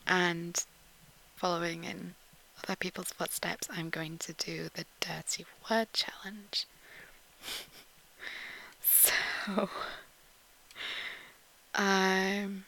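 A woman with a posh English accent talks through a casual audio post at a very slow, drawn-out pace. Her voice carries a gravelly, creaky texture and often sinks into a breathy whisper. Giggles and ums break up her reading of word lists. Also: fairly low pitch, flat delivery, low-quality recording. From Yorkshire, England. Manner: often drops to a soft whisper.

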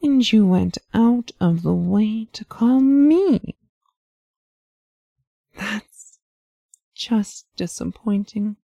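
A woman voicing a seductive, teasing female demon who speaks in a slow, purring way. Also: mid-range voice, creaky, warm tone, no room sound, voice pushed up, heavily acted. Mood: mock disappointment.

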